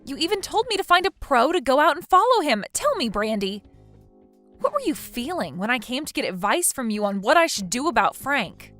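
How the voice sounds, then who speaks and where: Woman as indignant betrayed wife; bright, animated accusing voice. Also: high voice, brisk, soft background music. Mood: hurt. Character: betrayed wife confronting her cheating friend. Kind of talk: text message story dialogue.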